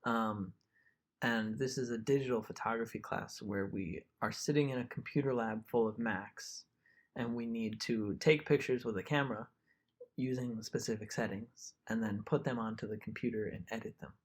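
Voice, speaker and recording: A man's voice: on the low side, steady tone, moderate pace. A young man co-hosting a podcast, telling rambling stories in casual chat and laughing often. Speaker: podcast co-host.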